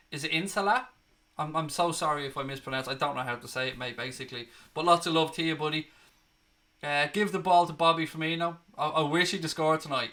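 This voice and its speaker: A man's voice: on the high side, pushed and bright. A young man hosting a casual live stream, reading viewer comments aloud and calling them mate and buddy.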